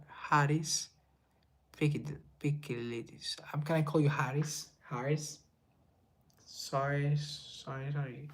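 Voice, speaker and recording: A man's voice: on the high side, fairly even intonation, slow, fairly bright tone. A young man from Colombia chatting casually on a live stream, reading viewer comments and rambling in a self-deprecating way. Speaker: livestreamer and musician.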